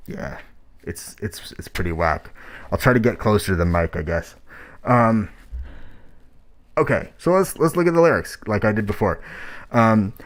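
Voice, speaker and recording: A man hosting track reviews in casual spoken critique, talking in a blunt, rambling, profane way, his voice muffled by a mask. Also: sits low. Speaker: host reviewing rap tracks.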